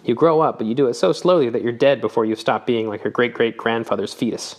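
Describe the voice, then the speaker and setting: A man's voice: medium pitch, fairly even intonation, quick pace, darkish tone, lightly acted. A man reading the part of an eager young scientist who speaks emphatically.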